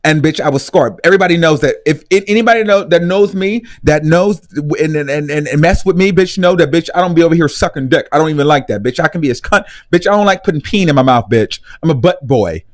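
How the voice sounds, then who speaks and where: A young man hosts a live stream, ranting bluntly and swearing freely. His voice sits a little high and swings widely in pitch. He talks in quick bursts. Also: animated. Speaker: host.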